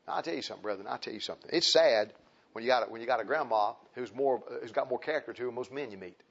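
A man preaching a fiery sermon, emphatic and repetitive, swinging between shouts and hushed tones. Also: medium pitch, racing. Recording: dull lo-fi recording.

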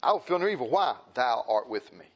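A man's voice: medium pitch, very animated, a little fast, husky. A man preaching a sermon in a folksy, emphatic way, often repeating his phrases. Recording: dull lo-fi recording.

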